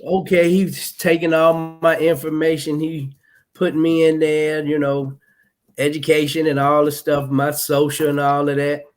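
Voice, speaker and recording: A man, his voice a little high, tells a story as a guest on a relaxed talk show. He speaks slowly with many ums, restarts and throat clearing. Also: faint music behind. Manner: slow, halting, clears throat, many fillers. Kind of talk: casual storytelling chat.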